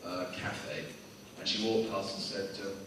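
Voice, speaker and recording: A man's voice: low voice, flat delivery, measured pace, recorded from a distance, background noise. An English man on a convention panel, telling a comic anecdote on stage with restarts, fillers and quoted voices. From England. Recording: echoey hall, mic from afar, loud audience.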